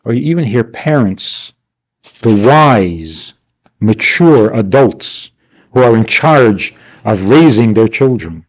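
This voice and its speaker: A rabbi gives a class with a lively pitch that swings up and down. He speaks rhetorically and plays out the voices of the people he quotes. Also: slow. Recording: archival 1992 class recording.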